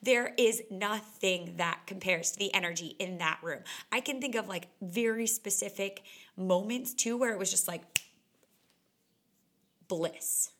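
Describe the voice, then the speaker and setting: Chatty young woman with vocal fry. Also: medium pitch, unhurried, fairly bright tone. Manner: chatty and candid, heavy on "like" fillers. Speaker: fitness instructor. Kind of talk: casual solo podcast monologue.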